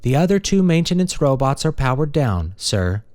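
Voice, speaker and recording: A man voicing a polite female maintenance robot with a warm, pleasant, literal-minded manner. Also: medium pitch, very animated, moderate pace, no room sound, clean studio sound, voice pushed up, close to an everyday voice. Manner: courteous and literal.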